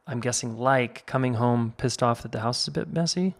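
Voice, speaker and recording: Male podcast host, mid-pitched, easygoing advice talk. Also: fairly quick, few pauses. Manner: conversational, reads listener question and comments. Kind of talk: casual solo podcast advice.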